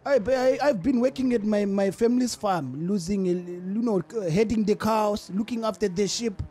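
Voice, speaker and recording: A man's voice: sits high, normal speed, mellow, husky. A man doing in-character game roleplay, talking in an indignant, theatrical way. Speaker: roleplay gamer playing his character.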